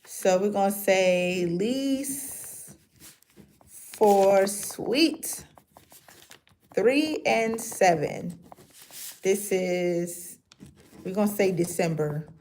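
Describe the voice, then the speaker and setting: A woman's voice: medium pitch, very slow, pauses often, darkish tone, a little hiss or hum. Chatty woman livestreaming. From North Carolina. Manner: chatty and laughing often, talking to viewers. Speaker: livestream host. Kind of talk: casual livestream chat with viewers.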